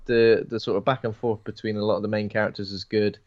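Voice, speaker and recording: A man's voice: fairly low pitch, level tone, fast, highs cut off. A man co-hosting a podcast, rambling and jokey as he chats. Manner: rambling, jokey, restarts a lot. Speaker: podcast co-host. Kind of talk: casual chat.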